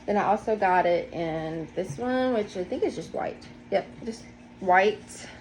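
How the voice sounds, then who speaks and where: A woman's voice: medium pitch, animated, measured pace, a little mellow, a little hiss or hum. Chatty woman showing off her yarn. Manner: chatty, rambling, self-deprecating. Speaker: knitting podcast host. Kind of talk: casual show-and-tell chat. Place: home, indoors.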